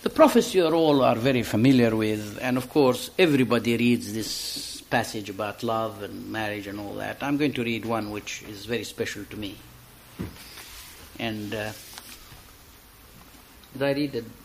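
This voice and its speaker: A man giving an expressive poetry reading, slow and deliberate, rising to loud, high emphatic peaks. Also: slight background noise. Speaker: poetry reader.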